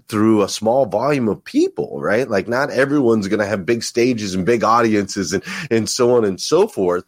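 A man's voice: lowish voice, no echo, studio quality. A man from the United States, a guest on a podcast, talking in an earnest, reflective way and often repeating words as he thinks. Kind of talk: casual conversation.

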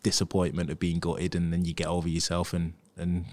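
A man's voice: deep voice, completely flat delivery, a little fast, darkish tone. A man in his thirties, a former footballer, telling casual anecdotes as a podcast guest and acting out what others said. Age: 30s. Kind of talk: casual storytelling.

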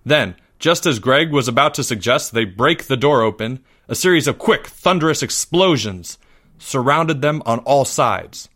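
A man narrates a suspenseful story in a measured, even voice. His pitch sits in the middle range for a man, neither deep nor high.

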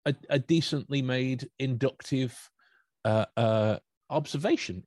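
A podcast co-host chats casually, hesitating and using many fillers. He has a medium-pitched, unhurried voice with a darkish tone and no echo.

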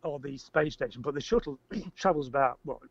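An older man tells a story as an interview guest, rambling, repeating words and getting animated when he acts out shouting. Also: mid-range voice, a little fast, no echo. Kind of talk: casual storytelling. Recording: dry, slightly muffled audio.

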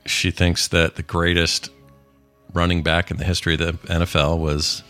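A man's voice: sits low, monotone, normal speed, bright, forceful tone, clear, resonant tone, soft background music. A middle-aged man hosting a casual live-streamed podcast chat, rambling and full of puns. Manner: jokey, rambling, punning. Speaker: podcast host.

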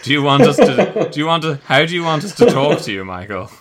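A man's voice: fairly high pitch, very animated, fast, a loud crowd. A man co-hosting a podcast, bantering wryly in casual chat.

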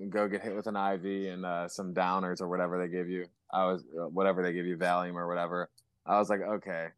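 Swearing, rambling man with a low voice. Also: smooth, dry recording. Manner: rambling, heavy swearing and fillers. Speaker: guest musician. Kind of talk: casual podcast chat.

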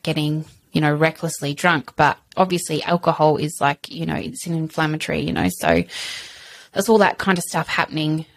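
A woman, a podcast guest telling her story frankly, full of fillers. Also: low-pitched. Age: 30s. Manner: chatty, frank, lots of fillers. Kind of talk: candid personal interview.

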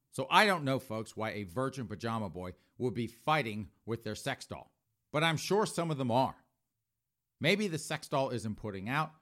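A man hosts a podcast in a mocking, sarcastic tone. He talks straight to his listeners and often calls them folks. His voice sits at an ordinary middle pitch for a man. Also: a bit bright. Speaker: podcast host. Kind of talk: podcast commentary.

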